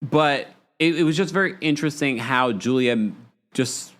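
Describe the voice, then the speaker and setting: A man hosting a live recap show, chatting casually, reading out viewer comments and gossiping with animated energy. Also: mid-range voice, moderate pace. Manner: animated, gossipy, mimics people in quotes. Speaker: podcast host.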